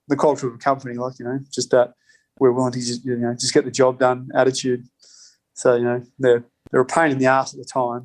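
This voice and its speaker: A man's voice: mid-range voice, a little mellow. Laid-back swearing man telling stories. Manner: rambling, heavy swearing, laughs between lines. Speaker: podcast guest, spirits company co-founder. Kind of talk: casual storytelling.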